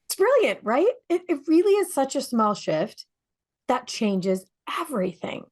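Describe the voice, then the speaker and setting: Animated woman co-hosting a radio talk show. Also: high voice, a little slow. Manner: animated, storytelling, asks rhetorical questions. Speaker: podcast co-host.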